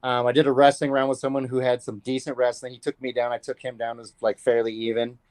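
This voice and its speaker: Fast-talking man telling a story, dry sound. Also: mid-range voice, monotone, a little mellow, no echo. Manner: loose, profane, acts out quotes. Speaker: fighter being interviewed. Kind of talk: casual storytelling.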